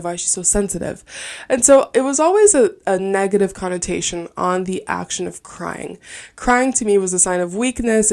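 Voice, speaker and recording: A creaky, medium-pitched woman's voice belongs to a twenties-something podcast host. Alone on the mic, she chats casually through personal stories, candid and packed with fillers.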